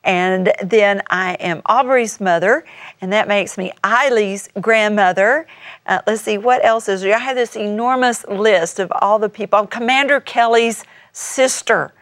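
An older woman, a grandmother, teaches the Bible on a television broadcast in a folksy, chatty way, ticking off scripture references. Her voice sits at a middling pitch. The sound is close and dry, with no room around it. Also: unhurried, fairly bright tone, dry recording. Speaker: TV minister.

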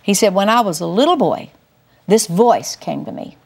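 An older woman giving a Christian teaching through a personal testimony, telling it emphatically with big swings up in pitch. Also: expressive, moderate pace, vocal fry, slightly rough. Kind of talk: testimony-style Bible teaching.

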